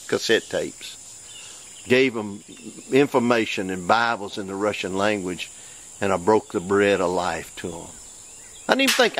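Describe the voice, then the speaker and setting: A man, a preacher and show host who tells stories in a folksy, excitable way, his voice jumping high when he acts out other people. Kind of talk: informal preaching with storytelling.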